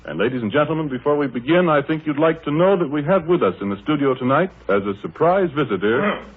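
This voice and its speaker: 1930s studio announcer, formal and courteous, raspy over a thin radio line. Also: male voice, a little high, expressive, fast, phone-quality sound. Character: smooth male radio announcer. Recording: scratchy 1930s radio broadcast.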